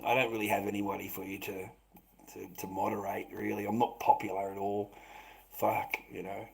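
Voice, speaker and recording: A man's voice: fairly low pitch, little pitch movement, brisk, creaky, rough recording. Swearing man ranting on stream. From Australia. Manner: swearing, repetitive, stammering restarts. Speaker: livestreamer. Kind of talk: rambling livestream monologue.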